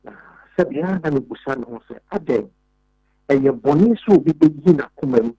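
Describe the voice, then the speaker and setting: A man's voice: mid-range voice, expressive, moderate pace, warm tone, slightly rough, rough recording. A man with a Ghanaian accent, a government official speaking emphatically in a radio interview, repeating filler words as he makes his points. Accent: Ghanaian English. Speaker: deputy defense minister.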